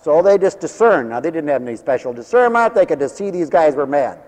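A man preaching a sermon, telling Bible stories in an animated way and acting out the scenes. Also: on the high side, fairly quick, long reverb tail.

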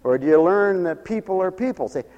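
An older man preaches in a high, expressive voice that swings widely as he tells folksy, joking stories. The sound carries a long reverb, as if from a large hall. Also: brisk, lo-fi sound. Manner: folksy, humorous storytelling with acted quotes. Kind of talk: sermon.

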